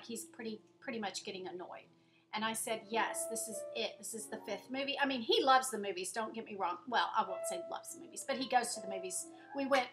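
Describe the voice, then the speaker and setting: Bright, chatty woman vlogging from home. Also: on the high side. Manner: rambling, chatty, self-deprecating. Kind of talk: casual chat to camera.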